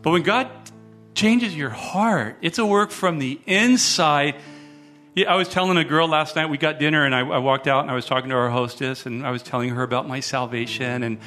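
A middle-aged male guest pastor delivers a sermon in a high, bright voice. He talks in lively bursts, stumbles over restarts and acts out the people he quotes. Faint instrumental music plays beneath him. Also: fairly quick.

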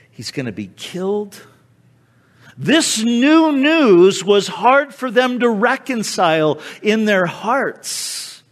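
A man preaching a sermon, acting out quoted speech with sudden drops and swells in loudness. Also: extremely high pitch. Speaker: pastor.

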